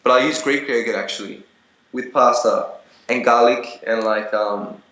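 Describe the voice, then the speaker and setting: A man's voice: mid-range voice, normal speed, pushed and bright, echoey room, muffled recording. Rambling young man on a video call. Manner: rambling, many restarts and fillers, laughs often. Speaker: singer being interviewed. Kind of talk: casual interview over video call.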